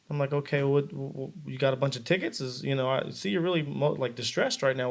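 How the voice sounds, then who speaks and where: A man who is a guest on a podcast, talking in an easygoing, measured way and leaning on "you know". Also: mid-range voice, creaky. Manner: laid-back and measured, lots of "you know". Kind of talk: casual interview chat.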